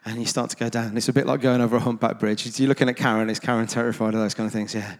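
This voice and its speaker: A man's voice: mid-range voice, flat delivery, racing. Rambling man in an echoing hall. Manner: rambling and conversational, with many ums and self-deprecating asides. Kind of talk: informal anecdotal talk to a gathered audience. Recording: long reverb of a large hall.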